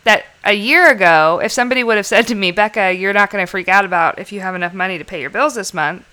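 A woman's voice: medium pitch, fast talker, pushed and bright, clean tone. A woman in casual conversation, telling candid stories and swearing freely. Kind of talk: casual chat.

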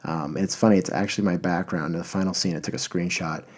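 A man's voice: sits low, fairly even intonation, fast talker, darkish tone, husky. A man hosting a podcast, talking in a rambling, enthusiastic way with lots of fillers and restarts. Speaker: podcast host. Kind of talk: casual podcast monologue.

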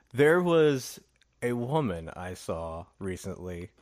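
A man's voice: on the low side, very animated, extremely slow, darkish tone. A man co-hosting a casual podcast chat, joking and teasing his co-host while tasting cookies. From Indiana. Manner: joking, teasing, laughs often. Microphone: headphones and studio mic.

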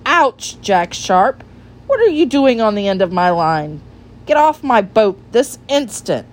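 Woman playing a fussy frog gentleman. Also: mid-range voice, big pitch swings, measured pace. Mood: indignant. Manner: prim, fussy, crossly exclaiming.

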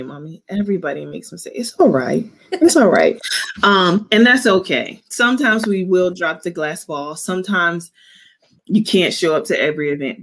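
A woman in her thirties hosting a casual faith podcast, speaking in an earnest, animated, preachy way while eight months pregnant. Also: lowish voice, slight background noise. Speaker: podcast host. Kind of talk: casual Christian podcast chat.

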